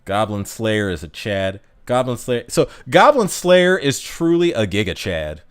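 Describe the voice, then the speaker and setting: A man's voice: on the low side, big pitch swings, a little slow, clear, resonant tone. A man chatting casually on a livestream, reading viewer comments aloud and joking in a rambling, self-amused way. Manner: joking, rambling, laughs at his own jokes.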